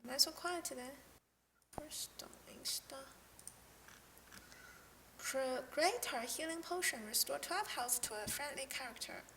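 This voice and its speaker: Young woman, non-native English speaker, fairly high voice, creaky, halting casual streamer chat, headset mic. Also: sharp tone, a little hiss or hum. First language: not English. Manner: halting, restarts often, reads card text aloud. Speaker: game streamer reviewing cards.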